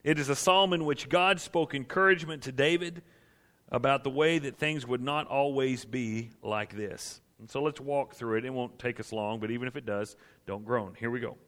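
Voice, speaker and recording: A man's voice: medium pitch, moderate pace, a bit bright. A man preaching a sermon as pastor to a church gathering, earnest and building to impassioned emphasis.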